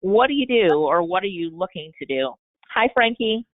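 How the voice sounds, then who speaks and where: A motivational woman hosts a live video-call Q&A, her voice bright with encouragement. The audio is thin and phone-like, as from a webinar. She speaks at an even middle pitch. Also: moderate pace. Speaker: webinar host. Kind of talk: live Q&A coaching session.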